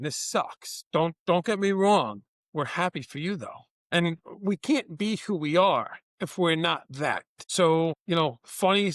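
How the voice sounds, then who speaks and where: A man who owns a business tells animated work stories on a podcast, performing the dialogue as he goes. His pitch sits fairly high, and there's no room sound in this conversational storytelling.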